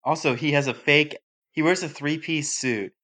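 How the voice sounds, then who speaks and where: A man co-hosting a casual podcast, telling things in an animated, profane way with frequent laughter. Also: fairly high pitch, normal speed. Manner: animated, profane, giggly storytelling. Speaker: podcast co-host.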